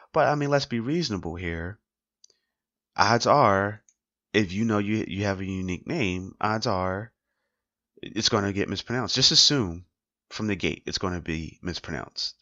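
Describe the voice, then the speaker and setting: A man's voice: low voice, sharp tone, no echo, dull audio. A man hosting a solo podcast, talking casually and repeating his points with rhetorical questions. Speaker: podcast host.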